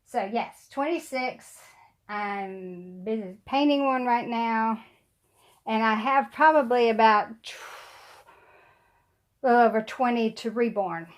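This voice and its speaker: A woman's voice: a little high, takes it slowly, pauses often. A middle-aged woman, chatting casually to camera at home, her voice a little weak and short of breath, rambling with fillers and small laughs. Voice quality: slightly weak voice. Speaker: doll collector vlogger. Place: room at home.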